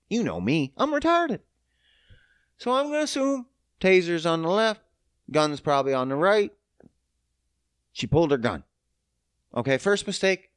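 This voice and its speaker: A man's voice: high-pitched, fairly bright tone, no room sound. A man hosting a podcast, ranting in a casual, profane and sarcastic monologue on a close mic. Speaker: podcast host.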